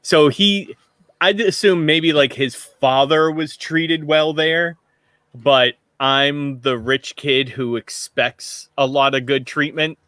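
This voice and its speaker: A man's voice: a little high, fairly even intonation, takes it slowly, fairly bright tone, dry recording. A man playing a tabletop game, chatting in a laid-back, joking way. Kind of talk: casual chat.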